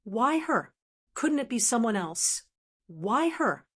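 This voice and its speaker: A woman's voice: on the high side, big pitch swings, takes it slowly, a bit bright, breathy edge, exaggerated voice. A woman voicing a tormented young male warrior who cries out in despair in an audiobook. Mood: desperate. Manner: desperate, pleading. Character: anguished young male warrior forced to fight.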